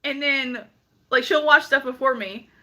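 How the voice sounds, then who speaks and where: A woman's voice: high-pitched, a little slow, bright, forceful tone. A woman chatting playfully with a friend on a livestream, laughing often as she acts out her own reactions. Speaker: co-host of a livestream chat. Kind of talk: casual chat.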